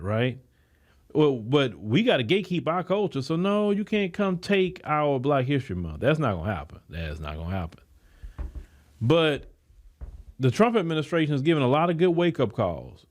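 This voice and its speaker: An American podcast host with an African American English accent and a fairly high voice delivers an opinion monologue. He speaks emphatically and with animation, often repeating words as he restarts his thoughts. His tone swings between raised exclamations and low, quiet asides. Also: big pitch swings, normal speed. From United States.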